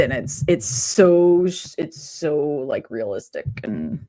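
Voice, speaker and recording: A woman with a slightly low voice trades sarcastic remarks on a live stream, her pitch moving a lot as she talks. The sound is dry and close to the mic. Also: big pitch swings, slow pace, mellow, dry recording. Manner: sarcastic, laughs often. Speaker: co-host. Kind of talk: casual live-stream banter.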